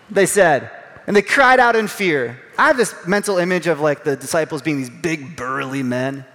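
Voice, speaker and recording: Animated high-voiced male pastor preaching. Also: in a large hall. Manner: conversational, animated, acts out voices. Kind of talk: sermon.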